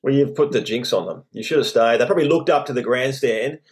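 A man's voice: mid-range voice, quick pace. An Australian man co-hosting a casual rugby league chat, steadily leading the discussion and teasing his co-host. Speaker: podcast co-host.

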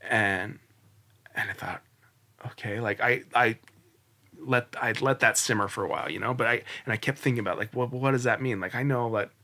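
A man in his forties talks as a podcast guest, with a bright, clear-edged tone. He tells his story earnestly and loosely. He keeps restarting sentences and leans on little fillers. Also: fairly low pitch, moderate pace. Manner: earnest, rambling, many restarts and "like"s. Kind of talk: casual storytelling interview.

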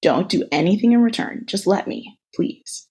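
A woman voicing a tender, protective soldier who soothes his girlfriend in a soft voice. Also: mid-range voice, animated, moderate pace, vocal fry, husky, full character voice. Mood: gently firm.

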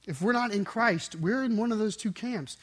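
A man preaching a sermon with intense emphasis, swinging between forceful surges and quiet, dropped endings. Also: high voice, normal speed. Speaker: pastor.

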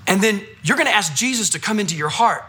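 A bold older woman who gives firm orders in broken English, put on by a male preacher. The voice is high and bright, with stern, clipped commands. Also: animated, fast talker.

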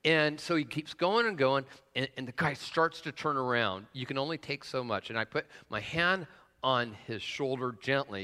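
Recorded with a large hall's long reverb, a man on the high side with a sharp tone preaches. This pastor's sermon is conversational and personal, dotted with "uh" fillers and frequent questions to his congregation.

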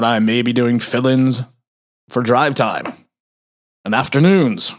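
A man's voice: medium pitch, slow pace, long pauses. A middle-aged man hosting a casual sports monologue, rambling with restarts and self-mocking laughs, sounding tired and grumpy. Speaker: sports podcast host.

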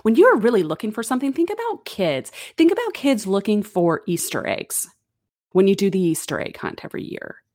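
A woman's voice: medium pitch, sing-song, fairly quick, darkish tone, no room sound, studio quality. A middle-aged woman giving a conversational, earnest Bible teaching with casual asides.

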